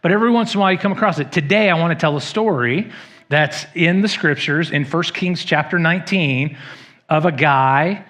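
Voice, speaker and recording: Bright-voiced man preaching a sermon. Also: a little high, a little fast. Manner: storytelling, self-deprecating, acts out quotes. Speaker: pastor. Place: church sanctuary.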